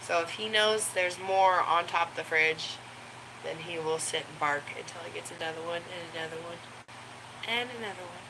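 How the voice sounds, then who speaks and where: A woman vlogger chatting casually about her pets, rambling with many ums and little laughs. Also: normal speed. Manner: high baby talk to her pets. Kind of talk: casual chat to camera. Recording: home recording with clear background noise.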